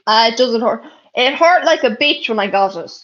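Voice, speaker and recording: A woman's voice: on the high side, lively intonation, normal speed, fairly bright tone. Blunt sweary Irish woman livestreaming. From Ireland. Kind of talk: casual livestream chat reading comments. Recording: dull lo-fi stream audio.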